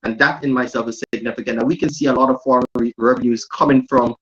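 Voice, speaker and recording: A man speaking as a panel guest on a talk show, explaining policy in a steady way. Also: medium pitch, fast talker, highs cut off.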